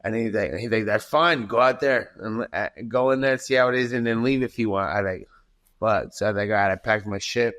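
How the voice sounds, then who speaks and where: A man's voice: fairly low pitch, a little fast, fairly bright tone. A man, a podcast guest and fighter, telling a long story in casual, profane talk. He acts out quoted dialogue and often restarts his sentences.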